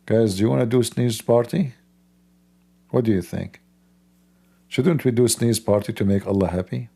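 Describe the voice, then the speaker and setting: A man's voice: mid-range voice, moderate pace, creaky, mellow, breathy edge. A man hosting a livestream, talking in a mocking, sarcastic way. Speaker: host. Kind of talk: livestream commentary.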